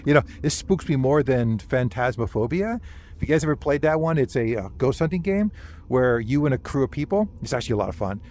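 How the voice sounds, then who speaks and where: A man's voice: mid-range voice, animated, a little fast, darkish tone. A man giving casual, rambling commentary while playing a game, often apologizing to his viewers, with hiccups. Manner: chatty, rambling, apologetic asides. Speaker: gamer streamer. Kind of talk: casual let's-play commentary.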